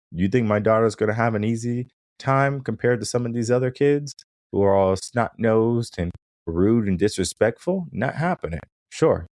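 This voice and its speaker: A man's voice: mid-range voice, a little mellow, no echo, studio quality. A middle-aged man hosting a coaching podcast, talking emphatically in a monologue, often asking "right?" and acting out other people's objections. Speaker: podcast host, mindset coach.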